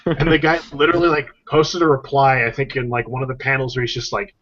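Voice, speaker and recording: A man's voice: mid-range voice, fast, a bit bright. A man chatting on a podcast, animatedly retelling comic strips and acting out the characters' lines. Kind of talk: casual chat. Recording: dull lo-fi podcast recording.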